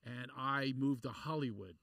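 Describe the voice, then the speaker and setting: A man from Philadelphia hosting a podcast, chatting in an animated, joking way. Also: mid-range voice, normal speed, creaky, dry recording. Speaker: podcast host and comedian. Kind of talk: casual interview chat.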